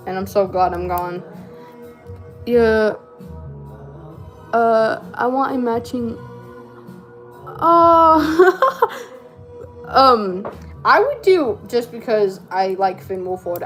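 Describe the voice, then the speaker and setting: A teenage girl telling a rambling, slangy story while crafting, with lots of fillers and laughs. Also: medium pitch. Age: teens. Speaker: vlogger.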